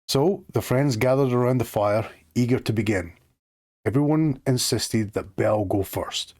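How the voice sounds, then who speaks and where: A man gently reading a bedtime story aloud to his child. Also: medium pitch, moderate pace. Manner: gentle, lively storytelling with character voices.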